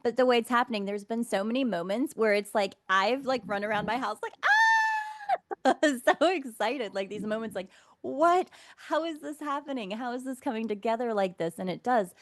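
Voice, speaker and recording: A woman's voice: a little high, brisk, few pauses, shouting. A woman hosting a casual interview, bubbly and enthusiastic, often affirming her guest. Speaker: interview host.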